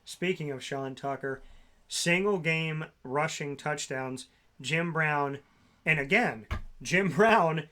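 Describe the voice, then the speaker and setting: A man's voice: fairly high pitch, slow pace, sharp tone. A man co-hosting a sports talk show, reeling off stats and player names in long runs. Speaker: co-host.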